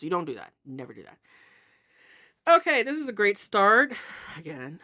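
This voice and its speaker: A woman's voice: medium pitch, very animated, normal speed, pushed and bright. A woman vlogging from her home in a casual, rambling monologue with many restarts.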